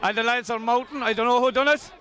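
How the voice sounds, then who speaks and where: An Irish man calls a hurling final live from an outdoor pitch, cheering his own club on as he goes. His voice is high and bright, often tipping into shouts. A faint crowd and outdoor noise sit behind him. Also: fast. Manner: excitable, shouting, openly partisan. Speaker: partisan club commentator. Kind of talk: live hurling match commentary. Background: crowd and outdoor ambience.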